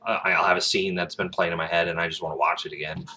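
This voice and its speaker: A man's voice: fairly even intonation, quick pace, bright, forceful tone, a little hiss or hum. A man with a Southern American accent, an aspiring actor, talking in a casual, rambling vlog with plenty of fillers and restarts. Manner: breaks into brief high-pitched accent imitations.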